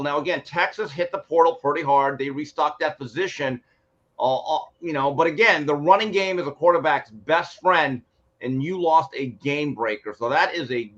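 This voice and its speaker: A man on a sports talk show, telling stories and acting out quotes with lively energy. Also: fairly high pitch, normal speed. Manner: animated storyteller acting out quotes. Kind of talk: casual sports talk, storytelling. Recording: muffled lo-fi sound.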